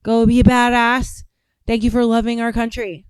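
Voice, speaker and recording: A woman's voice: fairly high pitch, level tone, normal speed, a little mellow, smooth, dry recording, studio quality. A woman hosting a casual livestream, reacting to clips and chatting with viewers in a blunt, profane way. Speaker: livestream host.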